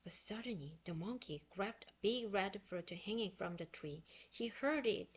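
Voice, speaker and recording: A woman reading a children's book aloud in expressive, unhurried storytelling; her first language is Korean. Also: mid-range voice, slightly rough. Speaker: book reader.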